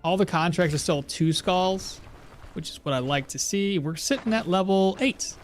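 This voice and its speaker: A man giving casual, rambling gameplay commentary, chatty and quick to laugh, at a home setup. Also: high voice, faint music behind. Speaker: gaming streamer.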